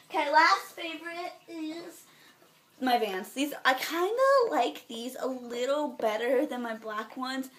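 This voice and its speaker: Teen girl vlogger, kinda high voice, gushy and rambly, trails off into little whispery asides. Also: a little slow. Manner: bubbly, gushing and rambling; often trails off into a soft, near-whispered aside. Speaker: beauty vlogger. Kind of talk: casual favorites vlog.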